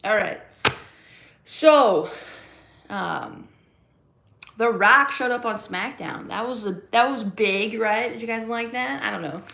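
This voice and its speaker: A woman's voice: a little high, takes it slowly, gravelly, pauses often, sharp tone, reverberant, a little hiss or hum. A woman hosting a casual live stream, rambling and chatty with plenty of fillers and restarts as she greets viewers in the chat. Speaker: livestream host.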